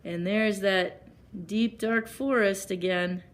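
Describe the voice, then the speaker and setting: A woman librarian reading picture books aloud at story time, gently pausing to ask children questions. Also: mid-range voice, steady tone.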